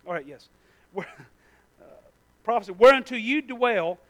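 Here a man's voice sits high, expressive and at a measured pace, as he preaches. He tells stories with animation, alternates between shouting and quiet tones, and keeps a folksy, direct connection with the congregation.

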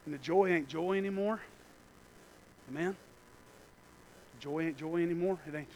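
A man, preaching a sermon in a church and telling a personal story that swings from hushed to shouting. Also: fairly high pitch, moderate pace, slight background noise, rough recording. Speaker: pastor.

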